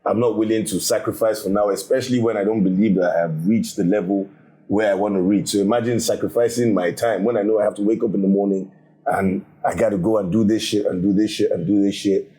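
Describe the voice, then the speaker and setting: A man's voice: lowish voice, fairly even intonation, quick pace, warm tone. A man chatting candidly on a panel, joking and laughing between lines. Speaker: panel cast member. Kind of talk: casual panel chat.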